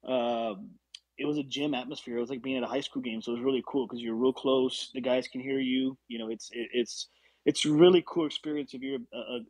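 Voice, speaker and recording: A man's voice: medium pitch, darkish tone, no echo, low-quality recording. A man calling into a casual basketball talk show, rambling easily and stumbling over his words. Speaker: caller. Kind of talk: casual chat.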